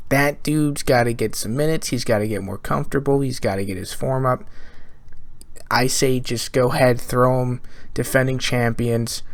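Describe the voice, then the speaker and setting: With no room sound, a medium-pitched man previews a football match on his vlog. He's a fan who jokes, rambles and asks his viewers questions.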